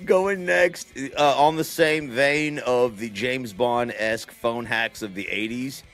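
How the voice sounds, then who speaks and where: A man with a gravelly, fry-laden voice co-hosting a casual podcast chat. He talks playfully, and faint music plays underneath. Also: medium pitch, slow pace, a bit bright. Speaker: podcast co-host.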